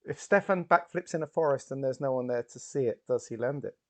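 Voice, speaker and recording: A man playing a tabletop game with playful, quick banter. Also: mid-range voice, darkish tone, dry recording. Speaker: player.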